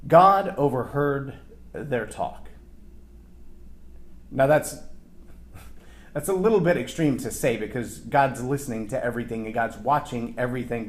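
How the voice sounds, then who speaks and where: With a medium-pitched voice, a man delivers an animated Bible teaching on leadership. He often acts out the lines he quotes and repeats words while thinking aloud.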